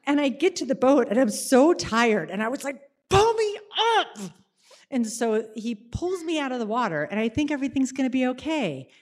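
A woman telling a personal story to an audience, animated and dramatic, slowing down for suspense. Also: sits high.

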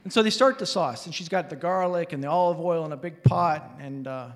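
Animated male storyteller, higher voice. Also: brisk. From Alaska. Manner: animated, acting out relatives' lines. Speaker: storyteller on stage. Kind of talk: live personal storytelling. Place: hall before an audience. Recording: reverberant hall.

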